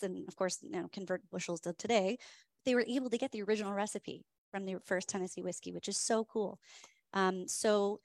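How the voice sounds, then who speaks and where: A woman's voice: medium pitch, steady tone, brisk, dry recording. A woman hosting a whiskey tasting, telling the story in a chatty, enthusiastic way with many fillers. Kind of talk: casual storytelling presentation.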